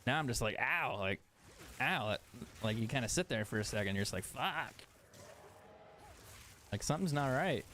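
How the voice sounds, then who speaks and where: A man's voice: on the low side, animated, very fast, a bit bright, slight background noise. A man streaming a video game, chatting casually, swearing often and laughing at himself. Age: adult. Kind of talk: casual chat while gaming.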